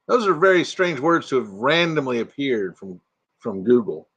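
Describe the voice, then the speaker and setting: A man's voice: medium pitch, animated, moderate pace, fairly bright tone, slightly rough. A retired man hosting a casual livestream from his RV, chatting playfully as he reads out viewer comments and jokes around. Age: retired, middle-aged or older. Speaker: livestream host. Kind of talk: casual live chat reading viewer comments. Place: inside an RV.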